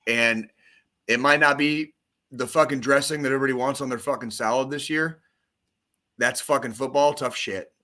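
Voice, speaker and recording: A man co-hosting a casual podcast, ranting about football in a profane, excitable, rambling way. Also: medium pitch, moderate pace. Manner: profane, excitable, rambling sports-fan rant. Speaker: podcast co-host. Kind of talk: casual chat.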